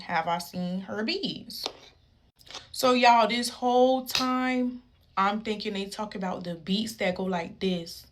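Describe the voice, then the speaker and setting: A young woman tells a casual storytime into her phone. She talks straight to her viewers. Her voice is lively and animated. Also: mid-range voice.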